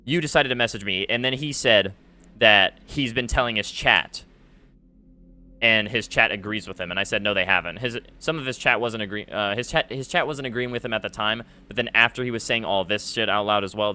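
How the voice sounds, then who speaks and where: Bright, clear-voiced ranting man. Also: lowish voice. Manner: aggrieved, ranting, many fillers. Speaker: gaming YouTuber. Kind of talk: commentary to camera. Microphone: face cam setup.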